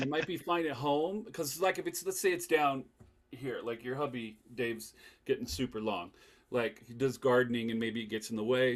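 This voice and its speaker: Man, podcast host, casual group chat, playful, laughs a lot, asks questions. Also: medium pitch.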